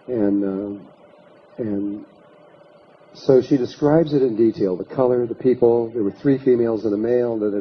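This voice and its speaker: A man speaks in an ordinary middle register as he tells a long story to his audience, slipping into other people's lines in his own voice. The lecture recording sounds slightly dull, with faint noise underneath. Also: medium pitch. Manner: anecdotal, retells dialogue in his own voice.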